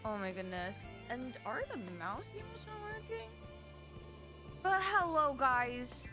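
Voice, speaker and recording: A young woman streamer chatting with her live chat in an excitable, dramatic way, rambling and restarting as she goes. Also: sits high, measured pace. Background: faint game music.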